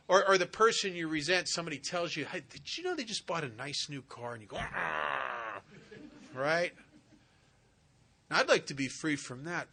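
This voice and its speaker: Man speaker at a retreat, earnest and conversational, bright forward voice, a bit high. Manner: earnest, conversational with vivid asides. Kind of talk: personal storytelling talk. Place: retreat center talk.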